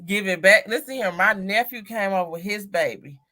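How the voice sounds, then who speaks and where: Animated storytelling mom on a livestream. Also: female voice, medium pitch, brisk. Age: adult mother. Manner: animated storyteller, acts out voices in stories. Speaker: livestream co-host. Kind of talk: casual livestream chat.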